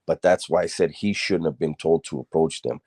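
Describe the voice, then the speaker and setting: A man's voice: rumbling low, fairly quick, darkish tone, no echo, studio quality. A middle-aged man telling a story casually, streetwise and blunt, rambling with fillers and restarts and swearing freely.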